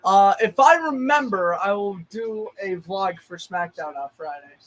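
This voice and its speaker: A man calling a football game as a fan, chatty and joking with friends, breaking into shouts on big plays. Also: high voice, lively intonation, a little slow, rough recording. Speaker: fan play-by-play commentator. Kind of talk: live fan watch-along commentary.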